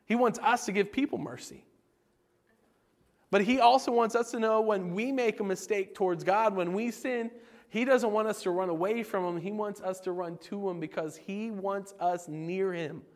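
A man's voice: sits high, normal speed. A man preaching an informal, jokey sermon as a youth pastor, asking his listeners questions as he goes. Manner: animated, jokey, asks the audience questions. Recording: long reverb of a hall.

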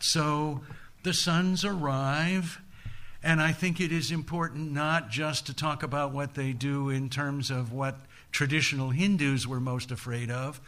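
Male lecturer, humorous storyteller, unhurried with a bright, clear tone. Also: on the high side, fairly even intonation. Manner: playful, deliberate, folksy asides.

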